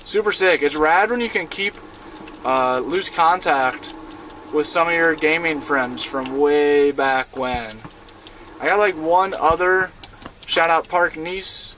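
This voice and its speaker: A man's voice: a little high, takes it slowly, bright, forceful tone, a little hiss or hum. A young man in his twenties, streaming a game and chatting with his viewers in a laid-back, slangy way from inside a van. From United States. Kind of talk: casual live-stream gaming chat.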